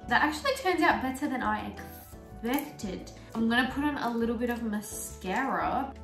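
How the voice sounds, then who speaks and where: A young woman chatting casually while doing her makeup, full of "like" fillers and lively storytelling. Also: a little high, moderate pace. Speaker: beauty vlogger. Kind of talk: casual get-ready-with-me chat. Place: small bedroom filming setup. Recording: roomy echo, mic at a distance, soft music.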